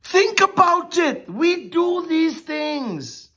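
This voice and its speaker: A woman preaching a sermon, emphatic and drawn-out with dramatic pauses. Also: extremely high pitch, very animated, fairly bright tone.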